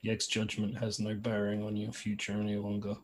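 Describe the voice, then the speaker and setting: A man's voice: on the low side, completely flat delivery, brisk, slight background noise. A man playing a tabletop game who talks in an earnest, good-natured way. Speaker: player.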